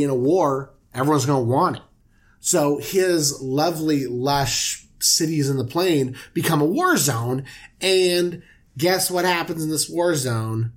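Laid-back jokey storyteller, lots of slang, slow unhurried pace. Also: medium pitch. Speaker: storyteller retelling a Bible story. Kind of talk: casual comedic retelling.

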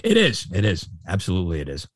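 A man's voice: low-pitched, huge pitch swings, fast, dry recording, studio quality. A middle-aged Canadian man, a sportscaster, chatting in an interview with lots of fillers and restarts. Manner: rambling, many fillers and restarts. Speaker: sportscaster guest. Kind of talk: casual interview chat.

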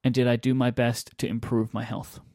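A man's voice: medium pitch, little pitch movement, normal speed, a little mellow, no room sound, clean studio sound. Man explaining earnestly in casual chat. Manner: earnest, explanatory, laughs easily. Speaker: podcast co-host. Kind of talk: casual book discussion.

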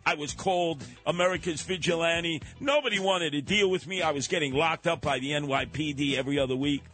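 An older man with a New York accent hosting a radio talk show, telling stories in an animated way and slipping into other voices. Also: a little high, fairly quick, soft background music.

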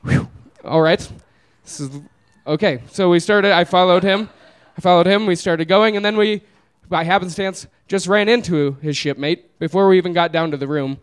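A man's voice: high-pitched, steady tone, moderate pace, hardly any pauses, smooth. A young man telling a funny story to a live audience, laid-back and laughing through it. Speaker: comedian telling a story on stage. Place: small live venue.

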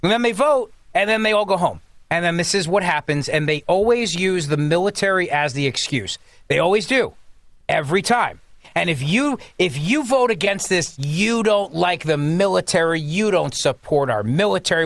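A man's voice: sits high, lively intonation, normal speed, fairly bright tone, no echo, clean studio sound. A man filling in as a talk radio host, delivering a sarcastic, mocking political monologue.

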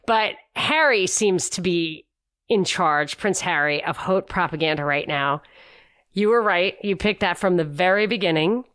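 A woman's voice: lowish voice, measured pace, fairly bright tone, smooth, dry recording, clean studio sound. A woman co-hosting a casual podcast, chatty and opinionated, often restarting her sentences. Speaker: podcast co-host.

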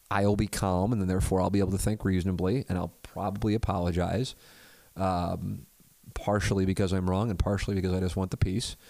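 A middle-aged man with a very low voice talks calmly through his podcast, measured and conversational. The sound is dry and close, with no room around it. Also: dry recording. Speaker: podcast host. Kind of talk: casual solo talk and live read.

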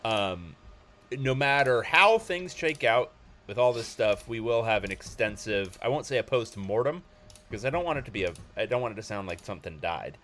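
A man's voice: fairly low pitch, expressive, moderate pace, fairly bright tone. A man hosting a casual sports podcast, talking loosely with lots of ums and restarts. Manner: hesitant, many ums and restarts.

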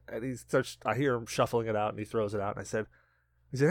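A man co-hosting a casual podcast, spinning a story with lots of laughter and little acted-out quotes. His pitch swings widely as he goes. The sound is dry and close. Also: lively intonation, quick pace, vocal fry, a little mellow, no room sound. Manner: laughs often while telling a story, acts out quotes. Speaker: podcast co-host.

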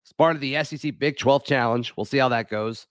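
Hoarse male sports host, middle-pitched, loose rambling delivery, dry close mic. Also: a little fast, dry recording. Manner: rambling, frequent fillers and restarts. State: hoarse from yelling. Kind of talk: casual sports talk stream.

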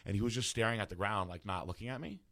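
Male guest, deep voice, candid profane personal story. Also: quick pace, pushed and bright. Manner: casual, profane, heavy use of filler words. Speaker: guest bodybuilder.

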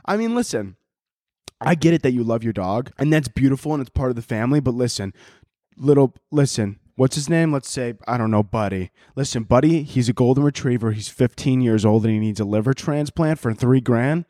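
A man's voice: medium pitch, animated, fairly quick, warm tone, no room sound, studio quality. A man hosting a podcast, talking in a rambling, crude, joking monologue and laughing often at his own stories. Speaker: podcast host. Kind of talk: casual comedic monologue.

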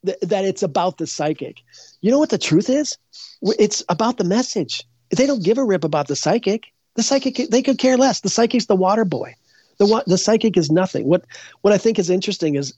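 The mellow, mid-range voice belongs to a psychic interview guest who tells rambling, casual stories, frequently restarting and correcting sentences and acting out others' speech. No room sound is audible in this dull, dry, lo-fi recording.

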